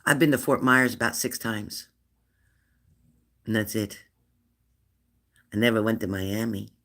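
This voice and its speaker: A woman in her fifties hosting a live stream, chatting warmly and laughing as she reads out viewers' comments. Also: a bass voice, a little slow. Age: 50s. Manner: chatty and affectionate, laughs often, answers comments aloud. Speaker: livestream host of a spirit-messages channel.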